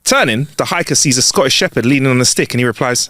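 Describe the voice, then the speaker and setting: A man's voice: fast, few pauses, no echo, clean studio sound. A man co-hosting a comedy podcast, telling jokes and teasing his co-host. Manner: playful, teasing, very animated pitch. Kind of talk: casual chat.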